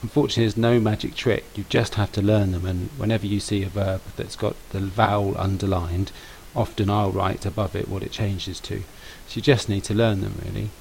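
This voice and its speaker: A man explains grammar patiently to a class, leaning on key words and repeating them. His voice sits a little low and has a gravelly edge. A faint hiss runs under the recording. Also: flat delivery, brisk, hardly any pauses, darkish tone, low-quality recording. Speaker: language teacher.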